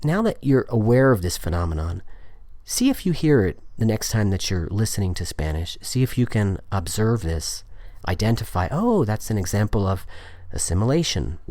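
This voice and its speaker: A man's voice: on the low side, a little mellow, dry recording. A man giving a podcast lesson on Spanish pronunciation, explaining step by step and repeating example words. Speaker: Spanish teacher.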